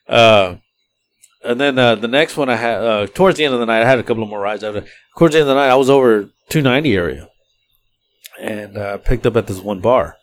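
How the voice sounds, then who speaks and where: A man hosting a podcast, telling a story casually and profanely, acting out the people he quotes. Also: medium pitch. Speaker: podcast host.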